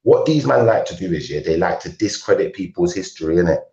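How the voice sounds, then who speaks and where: Confrontational man in a debate, low warm tone, roomy lo-fi sound. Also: lively intonation, quick pace. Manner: insistent, confrontational, repeats himself. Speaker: debate participant. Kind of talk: heated online debate. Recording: dull, roomy lo-fi audio.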